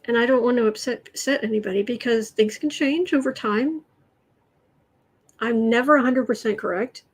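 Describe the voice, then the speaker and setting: A woman's voice: on the high side, normal speed, slightly rough, poor audio. An American woman hosting a casual tarot livestream from home, reading out viewer comments as she chats. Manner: reads viewer comments, soothes her cat in soft murmurs. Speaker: tarot reader livestream host. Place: home room.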